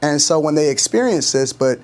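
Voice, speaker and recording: A man's voice: on the high side, animated, brisk, darkish tone. Earnest man speaking as a TV guest. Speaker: television guest. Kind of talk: television panel interview.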